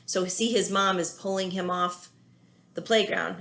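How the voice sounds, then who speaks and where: A woman teacher reading a children's picture book aloud, pausing often to gently explain feelings to young listeners. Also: mid-range voice, fairly even intonation, gravelly. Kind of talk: children's read-aloud with commentary.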